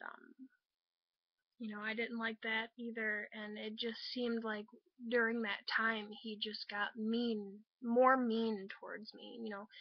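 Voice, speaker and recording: A young woman telling a personal breakup story, halting and hurt, leaning on fillers as she talks. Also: on the high side, gravelly, no echo. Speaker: vlogger. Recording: dull, dry home recording.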